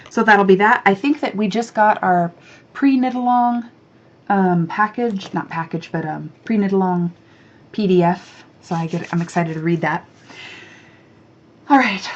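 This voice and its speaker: A woman hosting a knitting podcast, chatting casually to camera, excitable and chatty, and she swears freely when she rants. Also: medium pitch, moderate pace, lo-fi sound.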